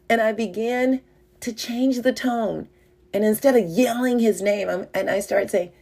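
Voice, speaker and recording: An older woman, a mother and wife, telling a personal testimony story, animated and laughing as she goes. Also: medium pitch, unhurried. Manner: animated, rising when excited, laughs while telling.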